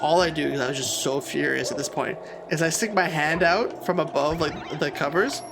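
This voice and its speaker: A man casually telling a story while playing a game, animated and loud when quoting people. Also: on the high side, normal speed, vocal fry, background noise. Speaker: co-host of a gaming channel. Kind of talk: casual storytelling during gameplay. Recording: game music behind the voice. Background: video game music.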